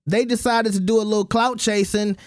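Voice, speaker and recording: A man's voice: high-pitched, fairly even intonation, fairly quick, no echo, clean studio sound. A man hosting his own commentary channel, giving blunt, opinionated takes in a casual rant.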